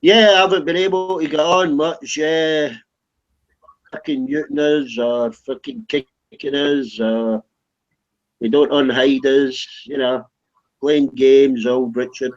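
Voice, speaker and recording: A man's voice: mid-range voice, fairly even intonation, slow pace. A man from Wales in a casual online voice chat, teasing others with crude, profane banter. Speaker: voice chat participant. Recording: dull lo-fi online voice chat audio.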